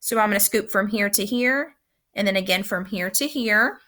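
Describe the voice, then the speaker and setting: A woman teacher giving a recorded phonics lesson for young children, speaking slowly and patiently with careful, clear enunciation. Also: medium pitch, bright, forceful tone.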